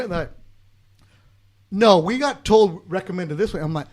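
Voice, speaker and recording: A man tells long stories on a casual podcast, slipping in and out of the voices of the people he quotes. His voice sits high for a man. He swears freely and keeps the story rolling. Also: lively intonation, a little fast, pauses often, a little mellow. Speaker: guest sports broadcaster.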